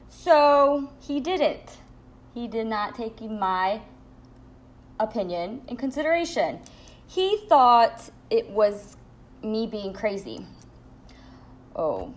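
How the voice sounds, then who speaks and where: A young woman telling a storytime vlog at home in a blunt, profane, animated way. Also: mid-range voice. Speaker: vlogger. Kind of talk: storytime monologue.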